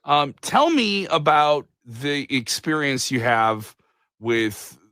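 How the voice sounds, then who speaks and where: A radio host man with a bright, forceful voice that rises and falls a lot as he chats and cracks jokes between questions. The sound is close and dry. His pitch sits at an ordinary middle level. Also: slow pace, no echo. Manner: chatty, lively, jokey asides. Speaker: guest host and radio personality. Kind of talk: casual podcast interview.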